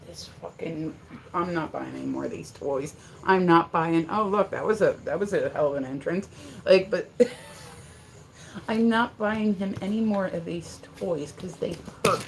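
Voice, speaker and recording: A woman's voice: deep voice, normal speed, gravelly, a little hiss or hum. A woman chatting casually on a live stream from her home studio, exasperated and scolding, swearing casually. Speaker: livestreamer.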